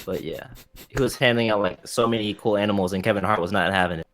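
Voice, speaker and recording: A man's voice: fairly low pitch, quick pace, fairly bright tone. A young man co-hosting a podcast, rambling playfully with lots of filler words in casual chat. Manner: rambling with many "like" fillers, playful what-ifs. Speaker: podcast co-host.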